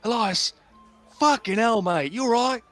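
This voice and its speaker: A man's voice: fairly high pitch, normal speed, fairly bright tone, faint music behind. A man voicing a boisterous, swearing male pirate quartermaster who greets old crewmates in hearty, matey speech. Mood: jovial.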